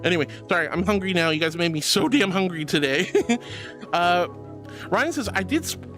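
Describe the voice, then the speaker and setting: A man with a high voice, streaming live and reading his chat aloud in a doting, affectionate way. He calls viewers honey and darling and breaks into excited squeals. Soft music plays faintly underneath. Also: normal speed.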